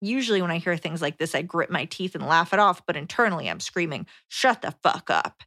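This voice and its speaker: A young woman co-hosting a podcast, reading a listener letter aloud and adding calm, wry remarks. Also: lowish voice, fast talker, no room sound, studio quality. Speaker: podcast co-host.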